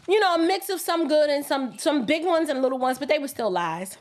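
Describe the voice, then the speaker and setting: A woman hosting a political commentary livestream, colloquial and emphatic, often mimicking others in quoted asides. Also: high-pitched. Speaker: livestream host.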